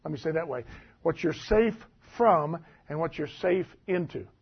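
A man preaching a sermon, reading scripture aloud and commenting on it in a folksy, animated way. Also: fairly high pitch, normal speed, breathy edge. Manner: folksy, animated, laughs at the text. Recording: dull lo-fi recording.

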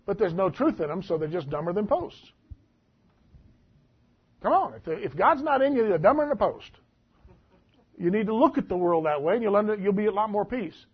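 A man's voice: high voice, expressive, fairly quick, husky. A man preaching a conversational Bible-teaching sermon in a folksy way, asking the congregation questions as he reads through the text. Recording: dull lo-fi recording.

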